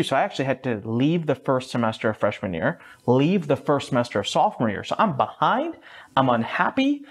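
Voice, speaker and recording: A man in his thirties, an entrepreneur guest in a podcast interview, telling his story with animated energy and a casual, sometimes swearing manner. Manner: lively, swings up high for quoted voices, mild swearing.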